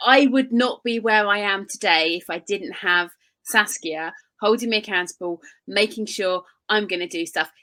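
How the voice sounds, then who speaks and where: A woman's voice: mid-range voice, moderate pace, sharp tone. A woman coach co-hosting a business podcast, talking casually and earnestly with strong emphasis.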